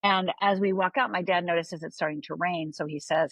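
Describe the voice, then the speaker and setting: Low, husky older woman telling her story. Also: steady tone, a little fast, no echo, poor audio. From Upper Michigan. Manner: candid, confiding, checks in with tag questions. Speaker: podcast guest. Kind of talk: personal storytelling.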